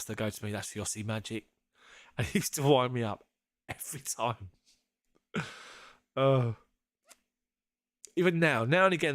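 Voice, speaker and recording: A chatty man hosting a live fan stream. He jokes and laughs his way through, and he swears now and then. His voice sits at a middling pitch, and the sound is dry and close to the mic. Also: dry recording. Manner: jokey, laughs often, swears casually. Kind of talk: casual live-stream chat.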